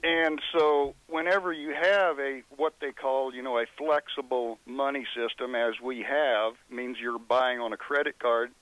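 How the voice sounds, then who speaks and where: A man from Oklahoma calling in to a radio show, plainspoken and steady. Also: medium pitch, unhurried, few pauses, dry recording. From Oklahoma, USA. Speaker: caller. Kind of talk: phone-in radio call. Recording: dull lo-fi phone line, dry.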